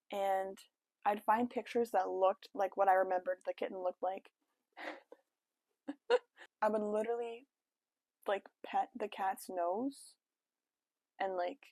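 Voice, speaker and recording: A woman's voice: mid-range voice, fairly even intonation, unhurried, long pauses, a little mellow, no room sound. Young woman vlogging at home, chatty, says like a lot, dry close sound. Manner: chatty, lots of "like" and self-quoting asides. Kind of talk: casual storytime chat.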